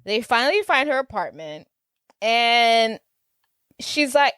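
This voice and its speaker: A woman's voice: a little high, takes it slowly, smooth, no echo. A woman co-hosting a podcast, casually recapping a movie and chiming in to agree with or correct her partner. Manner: relaxed, chimes in with agreement and corrections. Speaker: podcast co-host.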